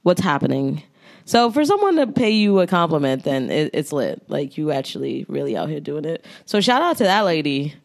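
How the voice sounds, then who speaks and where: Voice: medium pitch, big pitch swings, brisk, vocal fry, hardly any pauses, no room sound, studio quality. A podcast co-host, telling stories in casual, slangy chat and laughing often. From New York. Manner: laid-back storytelling, slangy, laughs often.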